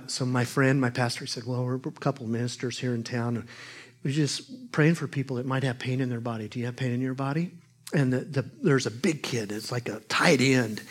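A male preacher with a slightly husky, breathy voice delivers his sermon as a lively story. He jumps from loud, punchy exclamations to quiet, hushed asides. His pitch sits right in the middle of a man's range.

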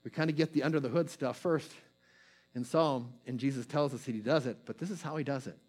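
A pastor with a mid-range male voice delivers a sermon, shifting between quick bursts and slow, hushed phrases.

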